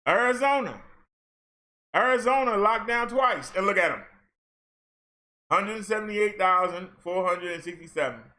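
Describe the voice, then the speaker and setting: Bright high-voiced man ranting. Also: expressive, a little slow, long pauses. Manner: sarcastic, talks back at the figures he reads. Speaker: commentary vlogger. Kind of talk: ranting commentary over case numbers.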